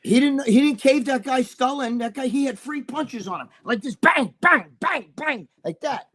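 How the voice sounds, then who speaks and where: High-voiced, profane middle-aged man rambling. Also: lively intonation, moderate pace, fairly bright tone. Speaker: co-host. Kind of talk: casual live-stream chat.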